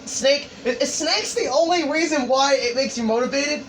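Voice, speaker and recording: A man voicing a sharp, skeptical young woman in a raised, incredulous tone. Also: very high-pitched, moderate pace, pitched above the performer's own voice. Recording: distant mic, background noise.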